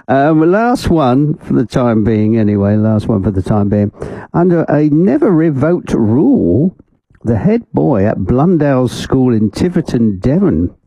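Lively, husky radio host. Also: male voice, medium pitch, dry recording, low-quality recording. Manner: chatty and rambling, amused by his own asides. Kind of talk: casual radio chat between records.

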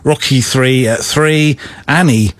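A man's voice: mid-range voice, takes it slowly, no room sound. A man hosting a retro hits show, presenting a countdown in a chatty, upbeat way with small asides. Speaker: radio-style host presenting retro hits.

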